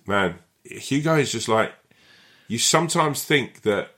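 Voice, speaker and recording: A man's voice: mid-range voice, lively intonation, unhurried, bright, forceful tone. A man, an actor talking casually in an interview, rambling with lots of fillers and frequent swearing. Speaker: actor and guest.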